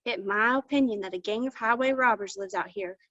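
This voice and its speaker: A woman voicing a creaky old folksy donkey. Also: on the high side, a little fast, pushed and bright, no room sound. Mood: decided. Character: old weak donkey, male, gloomy then bossy. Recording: dull lo-fi dry sound.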